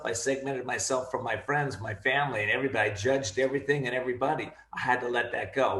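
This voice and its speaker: A man giving an energetic, emphatic motivational talk on a video call, repeating his key phrases. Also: medium pitch, echoey room. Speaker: guest speaker.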